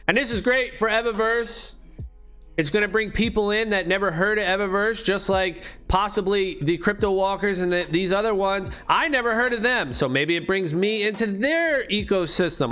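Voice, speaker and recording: A man's voice: sits high, animated, normal speed, bright, forceful tone, soft background music. A man hosting his own channel, rambling loosely and profanely while he walks through items on screen. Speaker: crypto gaming channel host. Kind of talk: casual screen walkthrough commentary.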